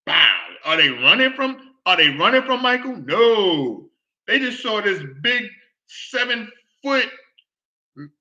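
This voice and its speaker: A man's voice: bright, forceful tone, muffled recording. A man hosting his own live online show, talking loosely and repeating himself as he rants to viewers. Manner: loose, repetitive, exclaiming, acts out scenes in a falsetto shriek. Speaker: host of a live online sports and culture show. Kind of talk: casual rant to a live audience.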